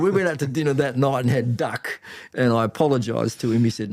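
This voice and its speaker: An older man with an Australian accent, a podcast guest telling business stories in a lively, blunt, salty way. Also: mid-range voice, a little fast, dry recording, clean studio sound. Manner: animated anecdotes, blunt and salty. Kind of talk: casual interview storytelling.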